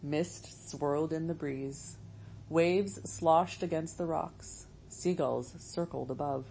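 A woman reading a storybook aloud as narrator, in a measured, steady way. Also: sits low, vocal fry, a little hiss or hum, rough recording. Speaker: audiobook narrator.

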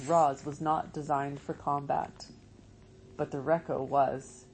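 A woman reading a storybook aloud as narrator, in a measured, steady way. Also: low-pitched, husky, rough recording. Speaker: audiobook narrator.

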